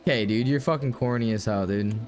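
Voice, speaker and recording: A man's voice: medium pitch, fairly quick, darkish tone, faint music behind. Profane young man ranting to stream chat. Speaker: game streamer. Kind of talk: casual live-stream chat.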